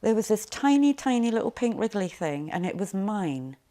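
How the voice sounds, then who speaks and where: A middle-aged mother recounts her past for a documentary interview, speaking quietly and haltingly and often trailing off low. Her pitch swings widely.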